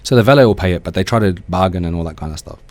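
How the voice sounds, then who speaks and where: An Australian man who owns a car rental business chats casually as a guest in a radio studio. His low, darkish voice is animated with no echo as he tells fast, rambling stories and acts out the people he quotes.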